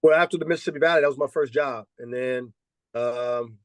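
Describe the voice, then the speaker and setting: A man in his fifties, a former college basketball head coach, telling lively stories and peppering them with "man" and "you know". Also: medium pitch, brisk, no room sound. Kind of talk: storytelling interview answers.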